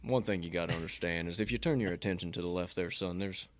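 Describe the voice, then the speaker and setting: A slow, folksy older football coach drawls low and easy as he coaxes a recruit, put on by a man in a podcast chat. The sound is close and dry. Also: no echo, lightly acted. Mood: coaxing.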